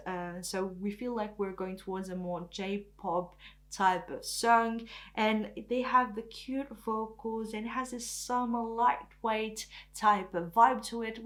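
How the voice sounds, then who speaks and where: A woman whose first language is French, giving a casual, enthusiastic album review in a chatty way. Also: medium pitch. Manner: enthusiastic, chatty, often says "freaking". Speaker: K-pop reviewer.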